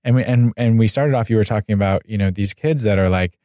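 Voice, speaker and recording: A man's voice: on the low side, fast, mellow, dry recording, clean studio sound. An American man hosting a podcast interview, talking casually with many fillers and restarts. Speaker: podcast host.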